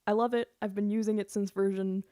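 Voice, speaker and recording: A woman's voice: mid-range voice, flat delivery, a little fast, dark tone, no echo, clean studio sound. A woman singer chatting casually on her live stream, giggly and loose, swearing now and then.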